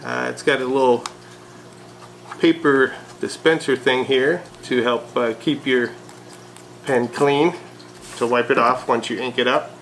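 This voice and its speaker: A man vlogging a casual unboxing of a fountain pen, chatty and relaxed with frequent hesitations. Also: mid-range voice, a little slow, pauses often, a little hiss or hum, rough recording.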